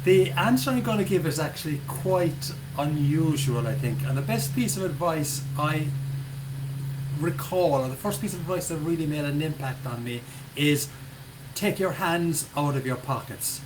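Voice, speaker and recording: A man's voice: on the high side, moderate pace. An Irish man talking as a podcast guest, chatty and joking as he tells stories. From Ireland. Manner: chatty, joking, relaxed storyteller. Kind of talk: casual interview chat. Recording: loud background noise.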